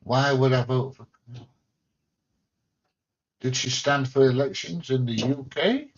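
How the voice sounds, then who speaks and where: With an unhurried mid-range voice, a man from England chats through a home livestream, responding bluntly to viewer comments. He jokes and uses mild swearing, and the sound quality is dull and lo-fi.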